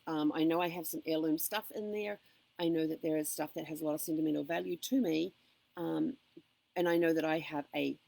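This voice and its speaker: A New woman chats into her phone on a casual live stream, upbeat and rambling with plenty of ums. Her voice sits a little low with a gravelly edge. The sound is close and dry, with no room around it. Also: darkish tone, dry recording. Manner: chatty, upbeat, with frequent ums and asides. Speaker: vlogger.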